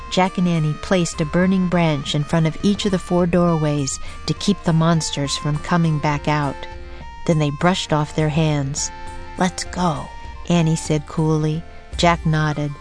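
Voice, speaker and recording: A woman narrating a children's audiobook in a slow, deliberate reading voice. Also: lowish voice, a little mellow.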